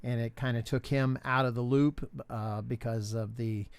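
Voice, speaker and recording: An older man co-hosting a podcast, talking in a halting, casual way with many fillers and restarts, recorded in a home studio. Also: mid-range voice, steady tone, clear, resonant tone, dry recording. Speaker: podcast co-host. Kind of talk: casual chat.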